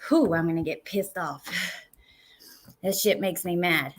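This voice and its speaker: A woman's voice: on the low side, slow. Fired-up woman hosting a live stream. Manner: heated and profane, then warm and thankful to chatters. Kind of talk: casual live-stream chat, reading viewer comments.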